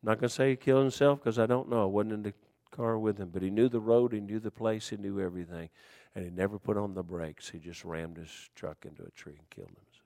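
Preacher with a dry, close sound. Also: male voice, fairly low pitch, fairly even intonation, fast, dry recording. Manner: swings from shouting to hushed storytelling; folksy Southern dialect. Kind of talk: sermon.

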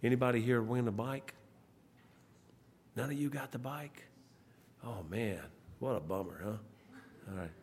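A man, a pastor leading church service announcements in a rambling, folksy way, pausing often. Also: medium pitch, darkish tone. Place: church sanctuary. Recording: long church hall reverb, faint noise.

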